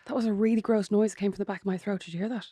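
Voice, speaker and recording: A woman's voice: medium pitch, steady tone, racing, mellow, dry recording, studio quality. An Irish woman co-hosting a podcast in casual chat, wry and joking. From Ireland. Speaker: podcast co-host.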